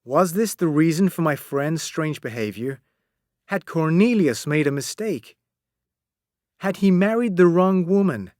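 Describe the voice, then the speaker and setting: A man narrates a storybook in a slow, deliberate reading. His voice sits a touch high and moves a lot in pitch, giving the story lively expression. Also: dry recording, studio quality. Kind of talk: storybook narration read aloud.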